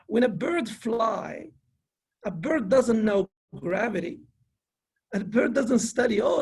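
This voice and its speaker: A man's voice: sits high, gravelly, a little mellow, slightly rough. A man, a finance professor, giving an earnest conference lecture to students, often restarting his sentences. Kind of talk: conference presentation. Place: online conference.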